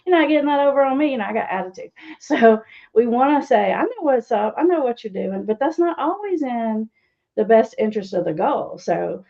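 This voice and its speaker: A woman's voice: medium pitch, vocal fry, lo-fi sound. A woman recovery coach answering interview questions in a teasing, sarcastic way, often laughing. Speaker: guest speaker, addiction recovery coach.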